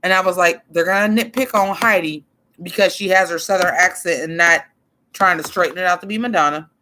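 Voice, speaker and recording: A woman streaming her take on a drag show, blunt and expressive, cursing freely and answering viewers in a relaxed, chatty flow. She keeps her tone casual and outspoken throughout. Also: fairly low pitch, fairly quick. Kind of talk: casual livestream commentary.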